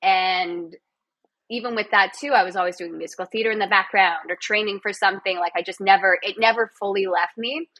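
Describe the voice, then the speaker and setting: Bright, chatty Canadian woman. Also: mid-range voice, a little fast, no echo. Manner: chatty and animated, laughs often. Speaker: podcast guest, actor and physiotherapist. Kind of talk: casual podcast interview.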